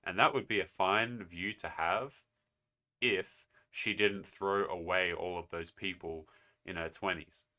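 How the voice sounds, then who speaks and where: A man's voice: low voice, fairly even intonation, unhurried, bright, forceful tone. A young man hosting a response video, talking in a sarcastic, lecturing way. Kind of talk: casual commentary.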